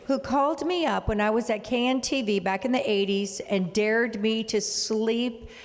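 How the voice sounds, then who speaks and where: A woman's voice: fairly high pitch, moderate pace. An older woman moderating a panel discussion in a chatty, playful way, teasing panelists with questions. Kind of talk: casual moderated panel chat. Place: event hall panel. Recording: long hall reverb.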